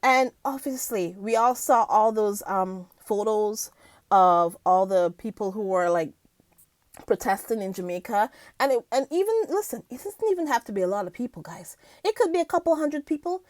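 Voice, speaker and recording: A woman's voice: medium pitch, lively intonation, normal speed, a little mellow, dry recording. A woman vlogger reading news aloud in casual commentary, talking to her viewers, laughing often and stumbling over words. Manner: chatty, addresses viewers as guys.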